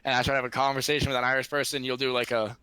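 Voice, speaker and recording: A man's voice: mid-range voice, flat delivery, rapid-fire, bright, forceful tone. A young man from the Boston area with no regional accent, talking casually and self-deprecatingly as an interview guest. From Boston area, United States. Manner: chatty, loose and self-deprecating, many fillers. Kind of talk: casual conversation.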